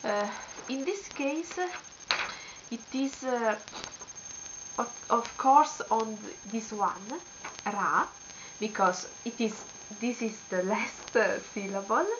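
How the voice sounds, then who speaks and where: Young Italian woman teaching pronunciation at a slow, hesitant pace, with fillers and small laughs, recorded on dull lo-fi webcam audio. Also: mid-range voice, noisy background. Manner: hesitant, many fillers, giggly. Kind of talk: casual video lesson.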